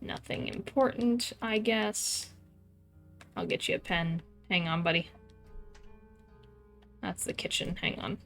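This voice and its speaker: A woman's voice: mid-range voice, takes it slowly, pauses often, faint music behind. A woman streaming a game, chatting casually and playfully reading the characters' lines aloud in light voices.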